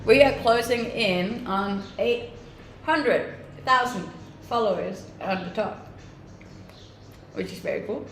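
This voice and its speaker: A woman's voice: fairly high pitch, slow pace, long pauses, fairly bright tone, a little hiss or hum. A young woman from Scandinavia with a mixed English accent that has a Scandinavian tinge, chatting casually on a live stream and answering viewer comments, upbeat and laughing often. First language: a Scandinavian language. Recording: roomy echoing sound.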